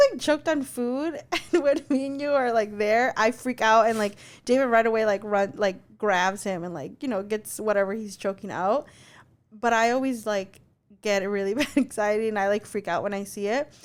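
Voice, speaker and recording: A young adult woman co-hosting a podcast, telling a story in an animated, chatty way, full of fillers and swearing. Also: mid-range voice, clean tone. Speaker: podcast co-host. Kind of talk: casual chat.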